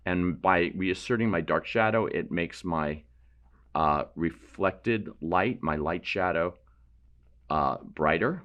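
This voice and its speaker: A man with a low voice walks through a painting demo. He explains each term while he works, in a loose, thinking-aloud way with self-deprecating asides. He sounds like he is in a studio. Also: takes it slowly, muffled recording. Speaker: painting instructor. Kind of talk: painting demonstration.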